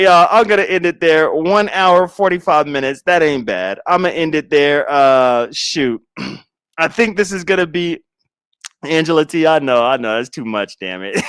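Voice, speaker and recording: A middle-aged man chats casually to his stream, drawing out a dramatic story with slangy asides and lots of laughter. His delivery is unhurried, with a slightly high voice that swings widely in pitch. The sound is close and dry. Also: fairly bright tone, smooth, no room sound. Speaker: livestreaming content creator. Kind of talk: casual livestream chat.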